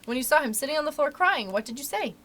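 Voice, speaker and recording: A woman's voice: sits high, lively intonation, fast, fairly bright tone, slight background noise, pitched above the performer's own voice. A woman reading aloud, voicing a curious, artful little girl in a storybook with eager questions.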